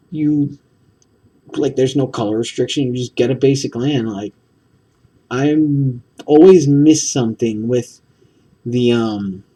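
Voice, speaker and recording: Gravelly, rambling man on a distant mic. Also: mid-range voice, warm tone. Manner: rambling, full of ums and self-corrections. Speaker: card-opening video host. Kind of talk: casual card-opening commentary.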